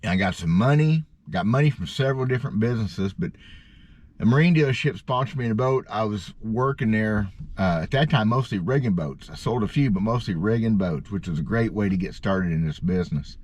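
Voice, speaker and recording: A man's voice: fairly low pitch, lively intonation, a little mellow, breathy edge. Folksy middle-aged man, rambling. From Missouri, USA. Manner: folksy, self-deprecating, drawn-out emphasis. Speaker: bass fishing vlogger. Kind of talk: casual rambling storytelling. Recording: dull lo-fi sound.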